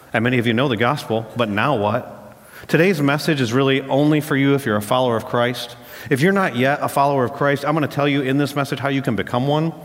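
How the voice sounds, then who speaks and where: A man's voice: medium pitch, big-room sound. A married man preaching a sermon as a pastor, retelling a story and then driving points home with emphatic repetition.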